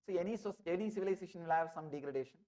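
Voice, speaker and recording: An Indian-accented male spiritual teacher giving a discourse, his voice sitting somewhat high for a man. He speaks emphatically, telling parables and repeating words to drive each point home. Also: rapid-fire, mellow. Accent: Indian English. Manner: emphatic, repeats phrases for effect.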